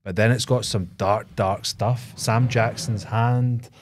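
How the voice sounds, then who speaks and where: A man's voice: mid-range voice, steady tone, slow, a little hiss or hum. A man co-hosting a podcast, chatting eagerly and saying aye and like a lot. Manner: enthusiastic, uses aye and like. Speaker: podcast co-host. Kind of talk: casual chat.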